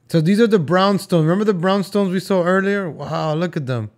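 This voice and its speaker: A man's voice: sits high, a little fast, few pauses. A young man casually joking and rambling as he reacts to old film footage for his viewers. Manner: joking, rambling, talks to viewers as folks and guys.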